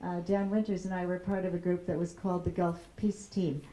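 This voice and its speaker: A woman's voice: on the low side, little pitch movement, dark tone. Woman speaker in an echoey hall. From Chicago, USA. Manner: measured, slows down to stress quotes. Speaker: peace activist speaker. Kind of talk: public talk, storytelling. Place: lecture room. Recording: roomy hall echo.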